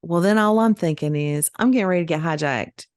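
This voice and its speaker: Lively woman telling a story. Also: on the low side, brisk, clear, resonant tone, no room sound, studio quality. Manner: animated, laughing, acts out quoted voices. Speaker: podcast co-host. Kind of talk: casual storytelling chat.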